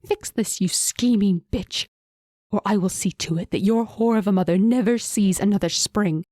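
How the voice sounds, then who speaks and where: A woman voicing an imperious, furious queen and mother, shrill and accusing with open contempt. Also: lively intonation, measured pace, warm tone, no room sound, clean studio sound. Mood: shrieking contempt.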